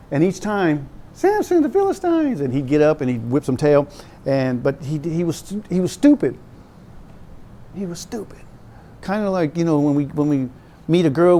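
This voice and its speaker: A pastor in his fifties talks to young people with an animated, teasing style. His voice sits fairly high for a man and jumps around as he tells stories. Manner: animated, joking, conversational storytelling.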